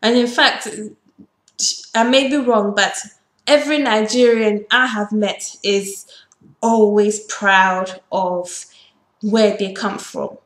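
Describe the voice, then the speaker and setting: A woman's voice: mid-range voice, steady tone, slow pace. Emphatic woman vlogger in an echoey room. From Ghana. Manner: emphatic, lecturing directly to viewers. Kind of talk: opinion vlog to camera.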